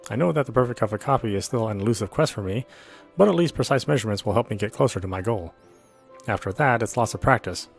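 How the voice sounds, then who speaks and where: A man reading a visual novel aloud in an earnest first-person narration. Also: fairly low pitch. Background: faint background music.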